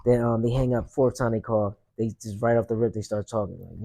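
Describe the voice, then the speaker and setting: Young male host, mellow low timbre, rambling casual street storytelling. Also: steady tone, brisk, gravelly, hardly any pauses. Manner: loose, rambling street slang with many fillers. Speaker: podcast host.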